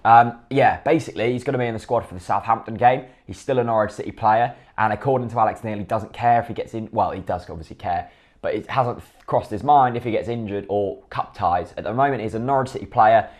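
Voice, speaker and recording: A football fan vlogger talks to camera in a fairly low voice at a quick pace. His commentary is blunt and opinionated, and he often asks himself questions and then answers them.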